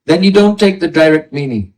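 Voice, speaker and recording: A man's voice: a little high, animated, a little fast, darkish tone. Man lecturing from a distance. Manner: explains with everyday examples, asks listeners "right?". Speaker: spiritual teacher. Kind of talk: devotional class lecture.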